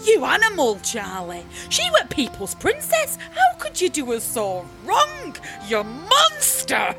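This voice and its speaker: A woman's voice: sits high, huge pitch swings, slow pace, over loud music, heavily acted. A woman playing a gushing Yorkshire mum. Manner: gushing, breathless, sudden swearing. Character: brash, gushing Yorkshire mother, smug and rude. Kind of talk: comedy sketch monologue.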